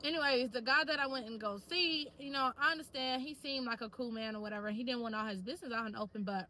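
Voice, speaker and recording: A young woman vlogs casually, telling stories in a lively, slang-filled way. Her voice sits high and sounds bright and forward. She talks straight to her viewers like a friend. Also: fast, hardly any pauses, slight background noise, low-quality recording. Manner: animated, chatty storytelling with lots of slang. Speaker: vlogger. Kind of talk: casual talk to camera.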